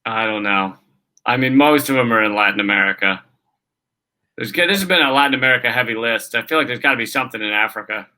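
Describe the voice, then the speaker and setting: A man's voice: medium pitch, fast, pushed and bright. A man co-hosting a podcast, hesitant and self-mocking in casual comedic chat. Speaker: podcast co-host.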